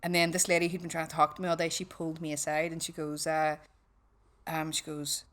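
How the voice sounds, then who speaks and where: A woman with a Northern Irish accent, telling swearing, lively stories in a casual podcast chat. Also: sits low, brisk. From West Belfast, Northern Ireland. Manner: swearing storyteller, acts out quotes. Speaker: guest.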